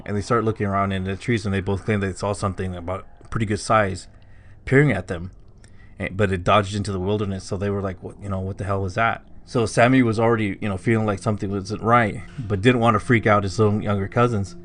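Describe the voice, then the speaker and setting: Rambling through a spooky tale on a podcast, a male co-host leans heavily on filler words like "like" and "you know." He talks fast in a lowish, slightly bright voice with little pitch movement, over slight background noise.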